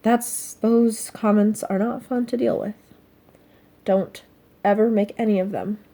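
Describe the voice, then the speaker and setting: A teenage girl speaking in a personal confessional vlog, soft and halting, full of fillers, sounding upset. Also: mid-range voice, steady tone. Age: teens. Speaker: vlogger.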